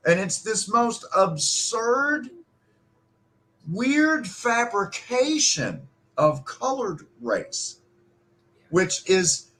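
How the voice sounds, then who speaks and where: Man, slow deliberate delivery, fairly high voice, heated emphatic rant, swearing. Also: sing-song, a bit bright. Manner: impassioned, emphatic, swears freely. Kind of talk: heated political talk.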